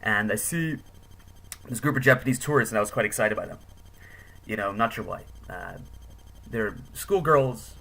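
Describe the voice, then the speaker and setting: A man's voice: on the low side, expressive, normal speed, gravelly, long pauses, pushed and bright. A young man telling travel stories casually, rambling with many fillers. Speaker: travel vlogger. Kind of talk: casual storytelling.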